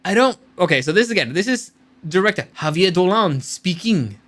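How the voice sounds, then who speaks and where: Blunt, bright-voiced male commentator. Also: high-pitched, animated, moderate pace. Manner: blunt, opinionated, profane. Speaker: host. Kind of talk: casual commentary.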